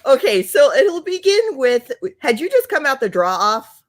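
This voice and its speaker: A young woman co-hosting a podcast, telling a story in an animated, giggly way and acting out the quotes. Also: high-pitched, moderate pace. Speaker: podcast co-host. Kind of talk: casual storytelling.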